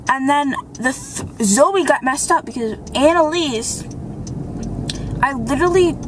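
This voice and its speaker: A high-voiced teenage girl chats straight to camera in a casual vlog, rambling through her story and leaning on "like" every few words. She sounds exasperated as she vents, with a faint hum of noise behind her. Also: expressive, a little slow. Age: teens. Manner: rambling storytelling, heavy use of "like"; exasperated, venting. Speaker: vlogger. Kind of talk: casual chat.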